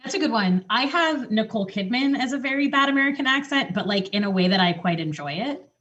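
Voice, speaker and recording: Woman cohost rambling fast and excited, restarts a lot, kinda muffled lo-fi audio. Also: a little high. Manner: animated, quick, rambling with restarts and swearing. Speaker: podcast co-host. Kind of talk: casual chat.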